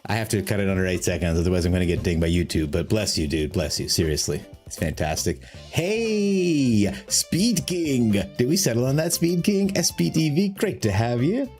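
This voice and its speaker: A man's voice: on the low side, big pitch swings, moderate pace, few pauses, a little mellow, soft background music. A man from Canada, chatting on a live stream, effusive and jokey as he gushes thanks to his chat.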